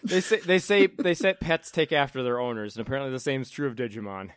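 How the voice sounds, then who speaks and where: A man's voice: mid-range voice, fast, fairly bright tone, clean tone, no echo, studio quality. A young adult man co-hosting a podcast, making casual sarcastic jokes with some swearing. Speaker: podcast co-host. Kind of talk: casual recap chat.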